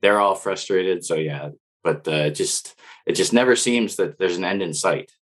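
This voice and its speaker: A man appearing as a guest sports writer, answering questions in a measured way. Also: low-pitched. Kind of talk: interview answers.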